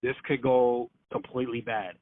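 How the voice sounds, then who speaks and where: A man's voice: mid-range voice, little pitch movement, moderate pace. Man telling a story over a tinny phone line. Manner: swears freely, many fillers, acts out quotes. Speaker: podcast guest. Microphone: phone call.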